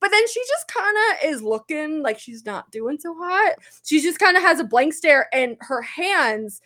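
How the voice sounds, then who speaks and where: A woman co-hosting a casual podcast, telling a story in an animated way, swearing often and acting out the people she quotes. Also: high voice, moderate pace. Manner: animated, swears a lot, acts out quoted voices. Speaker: podcast co-host.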